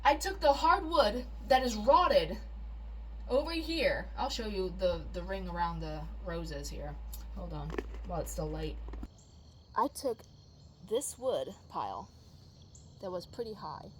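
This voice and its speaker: A woman vlogging from her backyard garden at dusk, filming on a phone as she walks. She rambles and vents, swinging from soft musing to loud, exasperated outbursts. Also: medium pitch, expressive, unhurried, pauses often, a little hiss or hum. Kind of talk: casual venting vlog.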